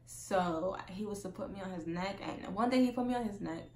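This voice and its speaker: A young woman telling a casual storytime monologue as a vlogger, chatty and full of "like", acting out quotes loudly. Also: medium pitch, moderate pace, reverberant, a little hiss or hum.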